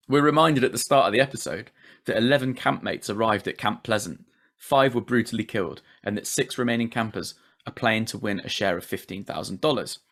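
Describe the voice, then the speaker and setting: A man's voice: fairly low pitch, creaky, a bit bright. A man hosting a casual podcast recap, chatty, laughing often and swearing casually. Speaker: podcast host.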